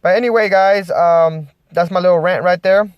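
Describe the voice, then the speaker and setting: A man's voice: high-pitched, fairly even intonation, normal speed, clear, resonant tone, no room sound, highs cut off. A man vlogging a casual rant, rambling with many restarts.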